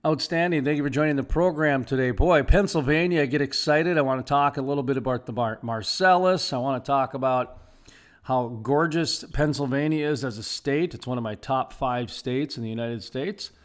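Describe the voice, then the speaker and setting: A man's voice: mid-range voice, moderate pace. Chatty male radio host. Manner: chatty, rambling, jokes about himself. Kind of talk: radio interview.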